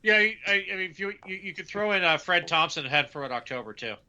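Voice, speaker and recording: A man with a slightly high voice and a very bright, sharp tone. He chats casually as a podcast co-host, explaining with hesitant restarts. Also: expressive, fast. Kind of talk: casual chat.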